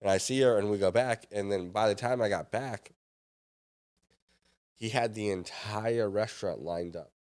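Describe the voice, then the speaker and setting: Low-voiced man telling a story animatedly. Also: normal speed. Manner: animated storyteller acting out dialogue. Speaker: podcast guest. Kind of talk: casual storytelling.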